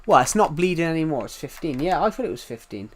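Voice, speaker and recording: A British man from the United Kingdom chats casually on a live stream while playing, rambling and repeating himself as he responds to viewers' chat. His voice is a little high and sing-song, and he talks quickly.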